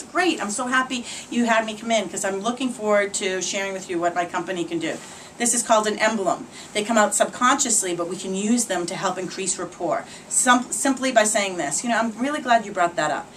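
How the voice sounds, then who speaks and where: A middle-aged woman with a Boston accent, a body language expert giving an energetic promotional talk and demonstrating gestures. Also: mid-range voice. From New England. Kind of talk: promotional video message. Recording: distant camera mic, faint noise.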